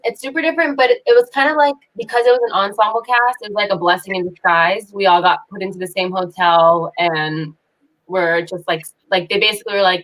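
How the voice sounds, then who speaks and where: A woman actress chatting on a video call, animated and laughing often as she talks about her work. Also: mid-range voice, low-quality recording. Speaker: actress guest. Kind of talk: casual video call chat.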